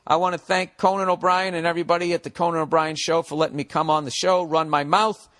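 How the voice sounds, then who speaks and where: A man's voice: on the high side, flat delivery, fast, a bit bright. A middle-aged man ranting on a comedy podcast, profane and sarcastic as he reads and answers a listener's letter. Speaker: podcast host.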